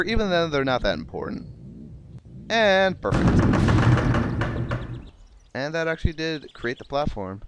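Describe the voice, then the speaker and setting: A man with a South Jersey accent, giving chatty, sarcastic commentary while playing a video game. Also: mid-range voice. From South Jersey, USA. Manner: chatty, sarcastic, swears casually. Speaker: let's play gamer. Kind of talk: casual gameplay commentary.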